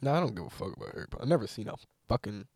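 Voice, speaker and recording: A man co-hosting a comedy podcast in casual chat, ranting in an animated, profane way. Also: fairly low pitch, very fast, breathy edge, no echo, clean studio sound.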